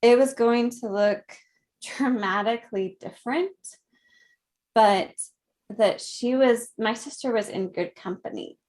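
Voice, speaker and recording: A woman in her thirties, a guest in an interview, speaking gently and reflectively, with frequent soft laughs. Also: on the high side. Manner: slow, gentle, reflective, laughs softly often. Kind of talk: conversational interview.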